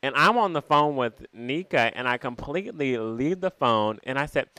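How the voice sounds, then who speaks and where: A man's voice: moderate pace, smooth, no room sound. A man co-hosting a podcast, telling a story in casual chat and acting out the people in it. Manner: animated storyteller, acts out quotes in a high voice. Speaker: podcast co-host.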